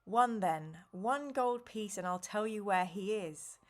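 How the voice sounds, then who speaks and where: A gaunt, penniless old man, voiced by a woman reading a gamebook, grumbles with short-tempered impatience. The voice stays close to the reader's own middle pitch, only lightly coloured. He sounds put-upon and quick to bark. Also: animated. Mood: wheedling.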